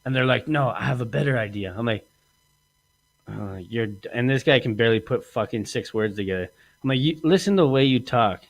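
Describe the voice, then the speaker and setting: A man's voice: medium pitch, fairly quick, vocal fry, no room sound. Man, podcast host, boastful storyteller, acts out quotes, laughs a lot. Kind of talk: comedic storytelling chat.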